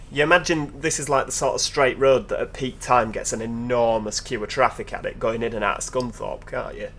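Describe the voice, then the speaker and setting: A man's voice: medium pitch, a bit bright, slight background noise. Chatty man commentating a game. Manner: chatty, joking asides addressed to viewers. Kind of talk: casual gameplay commentary.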